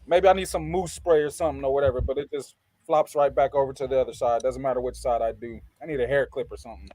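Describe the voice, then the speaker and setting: A man's voice: mid-range voice, steady tone, quick pace, mellow, no echo. A man hosting a podcast interview, playful and joking, laughing often. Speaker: podcast host. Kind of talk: casual interview chat.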